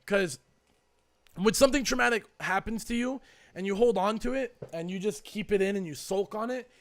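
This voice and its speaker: A man's voice: high-pitched, moderate pace. A young man co-hosting a podcast, talking in a rambling, reflective way with lots of fillers. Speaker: podcast co-host. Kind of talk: casual chat.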